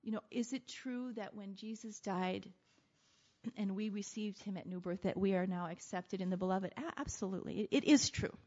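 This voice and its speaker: A woman preaching a sermon in an animated way, laughing often and acting out voices as she talks. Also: medium pitch, normal speed. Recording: dull lo-fi sound.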